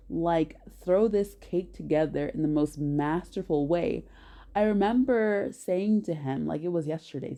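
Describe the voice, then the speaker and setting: A woman telling a personal story to camera in an animated, emphatic way, often correcting herself mid-sentence. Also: lowish voice.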